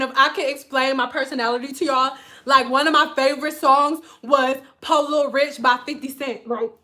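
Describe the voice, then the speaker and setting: A woman's voice: sits high, pushed and bright. A young woman from Detroit chatting casually on a livestream, rambling and laughing a lot as she talks. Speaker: vlogger.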